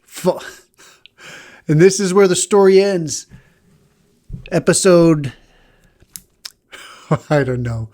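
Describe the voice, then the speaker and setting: A man's voice: on the high side, takes it slowly, pauses often, darkish tone. A man hosting a podcast, retelling a Bible story in a loose, chatty way and acting out the characters' lines.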